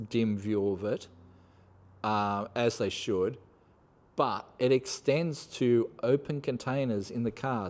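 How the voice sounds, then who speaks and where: A rambling Australian man who talks casually about his trips abroad. His voice sits at a middling pitch, and his delivery is loose and conversational, with the odd laugh at his own stories. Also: darkish tone. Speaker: host. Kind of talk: casual chat.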